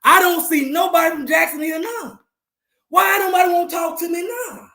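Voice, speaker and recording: Loud gloating man in an echoey room. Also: extremely high pitch, normal speed. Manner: loud gloating, repeating lines, laughing and whooping. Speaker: live stream host. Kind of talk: trash-talking sports live stream.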